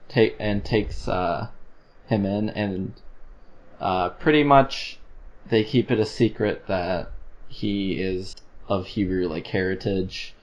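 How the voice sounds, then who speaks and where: A man's voice: low-pitched, slow pace, dull audio. A man co-hosting a podcast, chatting casually about films with many fillers and restarts. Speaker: podcast co-host. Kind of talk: casual film review chat.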